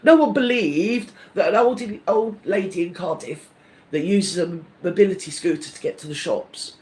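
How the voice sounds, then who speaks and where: A man's voice: sits high, normal speed, darkish tone. A man hosting a live stream, ranting in a rambling, indignant, gossipy way with many restarts.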